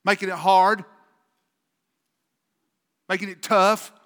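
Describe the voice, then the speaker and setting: A man's voice: sits high, little pitch movement, slow pace, a bit bright, in a large hall. A man pastor preaching a sermon with an emphatic, repetitive cadence, speaking in a church sanctuary.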